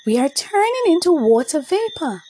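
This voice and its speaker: Lady voicing a cheery science fairy type, high and chirpy, explains stuff. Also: big pitch swings, normal speed, mellow. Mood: cheerful. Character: magical female science detective, friendly guide.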